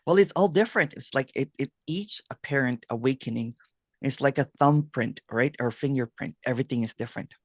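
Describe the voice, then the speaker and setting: A man talking through a video call, his voice dry and close with no room sound around it. He tells stories in an animated way and laughs often, hosting a relaxed chat. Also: mid-range voice, brisk, no echo. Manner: laughs a lot, animated storytelling. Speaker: host, non-duality guide.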